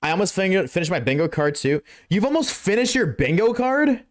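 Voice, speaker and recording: A young man streams live, reading chat and reacting in a casual, slangy, excitable way while swearing freely. His voice sits high and his pace is brisk.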